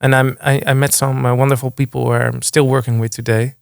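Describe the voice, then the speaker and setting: A young man talks casually as an interview guest, often stopping and restarting his sentences. His voice is smooth and resonant, recorded close and dry with no room sound. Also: medium pitch, little pitch movement, brisk, dry recording. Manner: hesitant, many restarts and fillers. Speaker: guest music producer.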